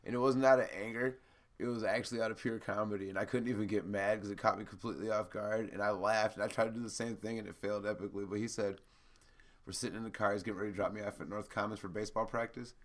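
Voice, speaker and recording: A young man co-hosting a podcast, telling profane stories animatedly with loud laughs. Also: on the low side, steady tone, fast. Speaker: podcast co-host. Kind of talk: casual chat.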